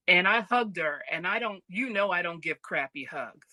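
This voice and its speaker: A woman co-hosting a casual podcast chat who tells animated stories and acts out the voices of people in them. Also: lowish voice, normal speed, hardly any pauses, dry recording. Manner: animated, acts out quoted voices, laughs easily. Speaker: podcast co-host.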